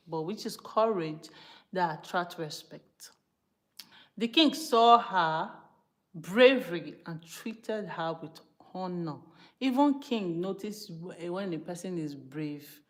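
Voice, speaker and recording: Animated Nigerian woman preaching casually. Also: on the low side, takes it slowly. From Nigeria, Benin City. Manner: emphatic and animated, switching between English and pidgin, asides to the viewers. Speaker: live-stream host teaching from the Bible. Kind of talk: informal preaching on a live stream.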